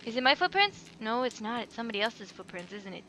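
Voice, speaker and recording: A woman's fairly high, bright, forceful voice swings widely in pitch as she commentates a game at a quick pace for her let's play. She's jittery, swearing and muttering to herself, with her headset mic flipped up above her head.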